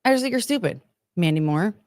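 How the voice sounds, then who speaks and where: A woman's voice: medium pitch, lively intonation, quick pace, darkish tone, no room sound, clean studio sound. A young adult woman hosting a podcast, ranting in casual commentary and reading chat, with lots of fillers. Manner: chatty, exasperated, ranting with many fillers. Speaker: podcast host.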